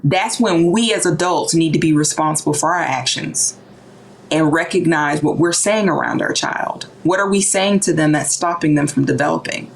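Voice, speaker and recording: Woman, low voice, animated, casual talk, acts out voices. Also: normal speed, vocal fry, low-quality recording. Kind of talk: casual conversational discussion.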